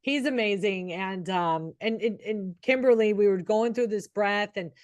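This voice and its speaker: Middle-aged woman, nurse co-host, earnest and encouraging, mid pitch, dry close mic. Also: a little slow, a little mellow, no echo, muffled recording. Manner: earnest, encouraging, many restarts. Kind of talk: casual podcast chat.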